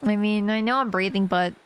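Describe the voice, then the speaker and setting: A woman's voice: mid-range voice, clear, resonant tone. A woman streamer chatting casually while she plays a game, rambling and laughing often.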